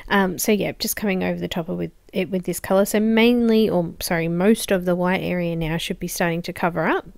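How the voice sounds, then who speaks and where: Slightly hoarse woman explaining calmly. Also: lowish voice, brisk, dry recording. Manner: calm, explanatory, with frequent um and so. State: slightly hoarse, losing her voice. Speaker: art tutorial host. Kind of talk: voice-over coloring tutorial.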